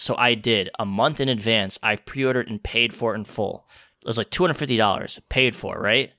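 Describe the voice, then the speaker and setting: A man's voice: on the low side, fairly quick, bright, forceful tone, no room sound, studio quality. A man telling a story in casual chat, ranting and swearing, acting out the people he quotes.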